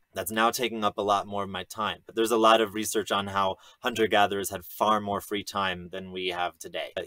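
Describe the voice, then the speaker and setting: A man giving an earnest, measured history lecture on his own, now and then restarting a phrase. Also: lowish voice, fairly bright tone, no room sound. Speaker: educator presenting a history lecture. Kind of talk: explanatory lecture monologue.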